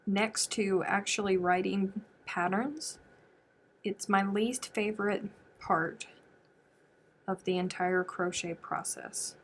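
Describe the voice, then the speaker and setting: A woman's voice: mid-range voice, fairly even intonation, slow pace. A woman from the United States hosting a crochet livestream, chatting casually and thinking aloud as she answers viewer comments. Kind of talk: casual livestream chat while crafting.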